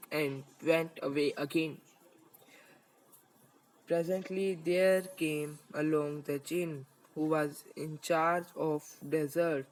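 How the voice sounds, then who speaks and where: Man, teacher explaining a story lesson, slow, halting, rephrasing lines, slightly high voice. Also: poor audio.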